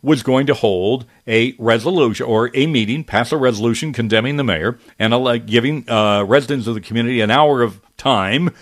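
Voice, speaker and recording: A middle-aged man hosting a talk radio show, talking in an animated, indignant, conversational way with frequent restarts. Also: medium pitch, fairly quick, hardly any pauses, dry recording, clean studio sound. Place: radio studio.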